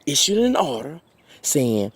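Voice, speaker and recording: A distraught man pleading to a judge in an agitated, halting appeal full of restarts. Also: a little high, sing-song, husky. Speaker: petitioner addressing a judge. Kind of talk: impassioned video appeal.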